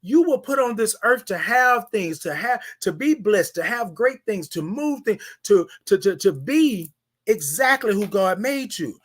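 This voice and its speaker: This man's voice sits high with a fairly bright tone, animated but at a measured pace. Hosting a morning show, he gives a slangy, preachy motivational talk full of hype, calling out listeners by name and hammering phrases through repetition.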